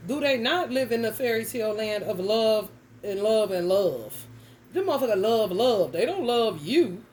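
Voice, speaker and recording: A woman's voice: fairly high pitch, animated, normal speed, darkish tone, a little hiss or hum, rough recording. Blunt, profane woman tarot reader. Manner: blunt, profane and emphatic, with frequent slang. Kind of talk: casual tarot reading monologue.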